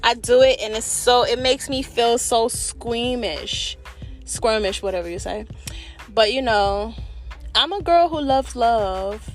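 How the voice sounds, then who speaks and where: A woman, an adult with children, talking openly in a candid personal monologue, animated and expressive, with slang and a bit of cursing. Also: on the high side, slow pace, soft background music. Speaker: vlogger.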